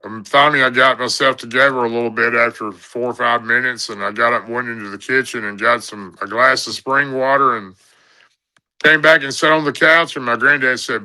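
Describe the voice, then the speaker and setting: A man's voice: medium pitch, brisk, sharp tone, poor audio. A middle-aged man, telling a story as a guest on a radio show. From Tennessee. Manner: plain-spoken storyteller.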